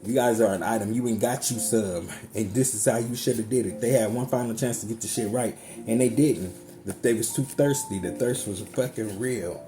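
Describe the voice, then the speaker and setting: A man giving a casual tarot reading to his viewers, chatty and emphatic, swearing freely. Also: medium pitch. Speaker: tarot card reader. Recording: music playing underneath.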